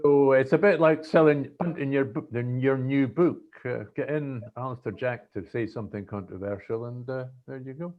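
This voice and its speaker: A man with a mid-range voice hosts a casual political panel. He keeps things moving, bringing in new topics briskly. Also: mid-range voice, narrow, tinny audio. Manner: brisk, steers the talk. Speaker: host.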